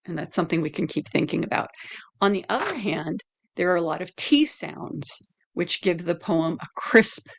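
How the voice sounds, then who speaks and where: A woman teacher giving a lecture analyzing a poem, deliberate, with fillers and self-corrections. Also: lowish voice, lively intonation, vocal fry.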